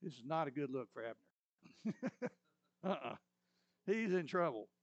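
A man with a high-pitched voice preaches, retelling a scripture story in a lively way and dropping in joking asides. The sound is dry, with no room echo, and a little dull and muffled. He paints each scene for his listeners. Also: unhurried. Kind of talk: sermon retelling a Bible story.

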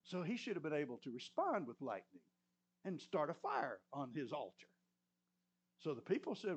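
Brief: high-pitched male preacher, animated storytelling sermon, muffled lo-fi recording. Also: normal speed. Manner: storytelling, animated, clears throat often.

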